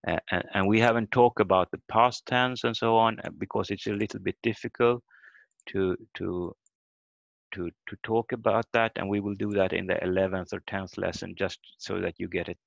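Male language teacher on a video call, low gravelly voice, patient, sounds out syllables, dry and slightly dull audio. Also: fairly even intonation, normal speed, no room sound. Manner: explains step by step, sounds out words and spells letters. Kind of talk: online language lesson.

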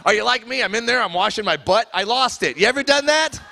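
A man's voice: very high voice, expressive, quick pace, vocal fry, sharp tone, slight background noise. A middle-aged man doing a stand-up comedy routine in a church hall, teasing the live audience between jokes. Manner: crowd work, teasing the audience.

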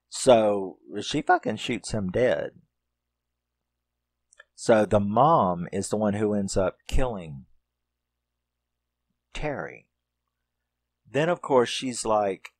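Casual male film reviewer, fairly low voice, profane and rambling, dry close recording. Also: lively intonation, slow pace, long pauses, no echo. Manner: rambling, profane, reenacts characters' lines. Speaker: horror movie reviewer.

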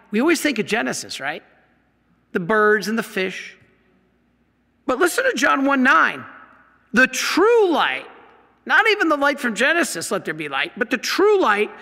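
A Catholic priest teaches his audience from slides, animated and full of rhetorical questions. His voice sits high and is creaky, and a long hall reverb surrounds it.

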